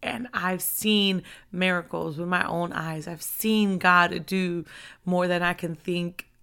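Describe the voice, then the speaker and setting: Female preacher, gravelly edge and bright tone, fervent and chatty, builds to shouting. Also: on the low side, fairly even intonation, slow. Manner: fervent, conversational, rising to shouts. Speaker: ministry preacher. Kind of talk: impassioned devotional talk. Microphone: handheld microphone.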